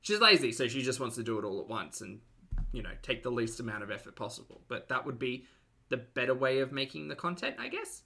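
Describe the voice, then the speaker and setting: A man's voice: mid-range voice, very animated, brisk, gravelly, pushed and bright. A man with an Australian accent hosting a casual reaction commentary, chatty and rambling with many fillers. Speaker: host.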